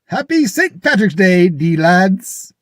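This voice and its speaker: A man's voice: high-pitched, sing-song, slow pace, no echo, studio quality, exaggerated voice. A man putting on a rowdy leprechaun voice with a put-on brogue for a merch ad, in singsong rhyming patter. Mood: mischievous hawking. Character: rowdy male leprechaun ad pitchman.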